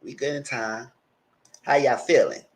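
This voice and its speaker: A man's voice: medium pitch, fairly even intonation, measured pace. Guy doing casual live recap talk, blunt and chatty, aave, normal mid voice. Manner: chatty, blunt, acts out what he told the cast. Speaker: commentary channel host. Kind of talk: casual livestream commentary.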